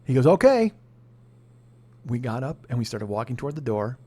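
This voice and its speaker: A man tells a comic story on his podcast at a quick clip. His delivery is profane and gets heated as the rant builds, in a mid-range voice. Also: medium pitch, warm tone, husky. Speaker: podcast host. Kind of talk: comedic storytelling monologue.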